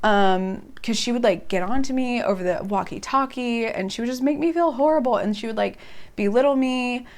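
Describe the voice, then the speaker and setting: A young woman in her twenties telling stories to camera in a casual, chatty way, filling her talk with "like" and jumping up in pitch when she quotes herself. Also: normal speed. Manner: animated, jumps up in pitch when quoting herself. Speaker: vlogger.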